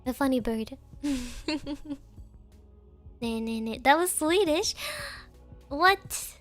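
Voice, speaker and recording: Woman streamer, high voice, chatty, giggly, drops Japanese fillers; faint music bed. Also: expressive, takes it slowly, fairly bright tone. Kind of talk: casual chat with viewers.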